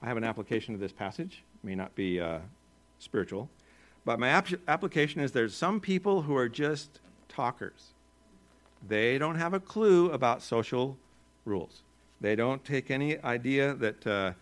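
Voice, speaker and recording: An American man preaches to his congregation in an easygoing, conversational tone. His pitch sits in the middle male range, and he slips in wry asides and small chuckles as he talks. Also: animated, normal speed. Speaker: pastor. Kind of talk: sermon.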